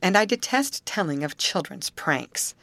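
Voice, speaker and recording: A woman voicing a frank, lively teenage girl with a blunt, wry way of talking. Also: on the low side, unhurried, dry recording, voice pushed up.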